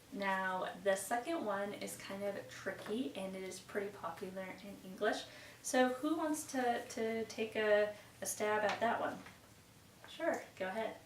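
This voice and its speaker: A woman's voice: medium pitch, recorded from a distance. A woman teaching English pronunciation to a class, praising students often and reciting tongue twisters with care. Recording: roomy echo, voice away from the mic, faint background noise.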